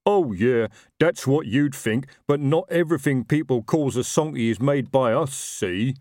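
A man voicing a slow-witted, chatty male troll worker with a rambling, working-class manner. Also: mid-range voice, a little mellow, dry recording, studio quality, pitched above the performer's own voice, close to an everyday voice.

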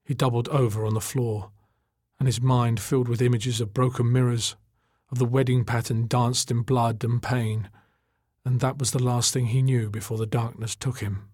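A man narrating an audiobook in a measured, dramatic storytelling manner. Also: medium pitch, little pitch movement, darkish tone, no echo, studio quality.

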